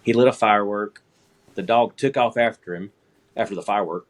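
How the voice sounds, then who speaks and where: A man's voice: lowish voice, fairly quick. A man in his thirties, an air traffic controller, telling a personal story in casual conversation and laughing at himself.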